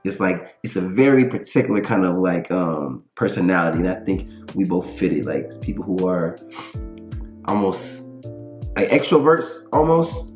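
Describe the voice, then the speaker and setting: Deep-voiced, reflective man co-host. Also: expressive, darkish tone, echoey room, faint music behind. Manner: reflective, measured, analytical. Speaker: podcast co-host. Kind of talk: casual chat.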